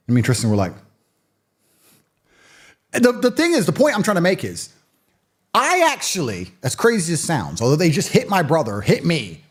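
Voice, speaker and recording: Blunt, animated man in his thirties. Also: high voice. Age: 30s. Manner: blunt, provocative, emphatic. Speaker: interview guest. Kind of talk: conversational storytelling and opinion.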